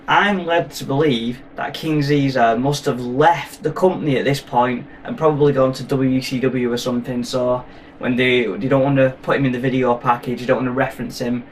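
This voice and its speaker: A man's voice: mid-range voice, fairly even intonation, normal speed, far from the mic, slight background noise. A man hosting a casual film review, rambling and joking with playful asides.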